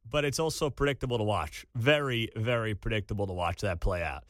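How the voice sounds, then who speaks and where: A man hosting a college sports talk radio show, ranting with incredulous energy and bursts of shouting. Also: lowish voice, fairly quick, dry recording, clean studio sound. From Kansas City area. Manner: animated, incredulous rants with sudden shouting.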